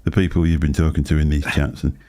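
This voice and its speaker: A man's voice: very deep voice, flat delivery, fast talker, mellow. An older man hosting a casual livestream chat, telling stories and laughing often. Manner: chatty anecdotal storyteller, laughs often. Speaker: show host.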